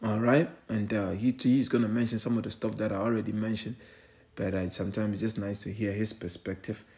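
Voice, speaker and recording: A man's voice: on the low side, level tone, brisk, darkish tone. A man preaching an online sermon in a fervent, repetitive way, often asking "eh?" and addressing listeners as family.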